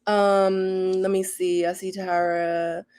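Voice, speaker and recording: A woman's voice: medium pitch, little pitch movement, takes it slowly, a little mellow, clean tone. A woman in her forties, a former model, giving a casual, emphatic recap straight to camera, often tagging lines with "okay?" and "honey". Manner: sassy and emphatic, keeps adding "okay?" and "honey". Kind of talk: casual recap chat to viewers.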